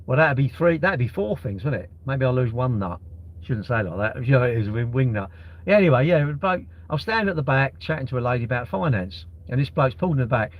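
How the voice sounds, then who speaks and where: Chatty, swearing man. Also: mid-range voice. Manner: chatty, rambling, swears freely. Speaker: livestreamer. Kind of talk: casual live-stream chat. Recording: dull, lo-fi live-stream audio.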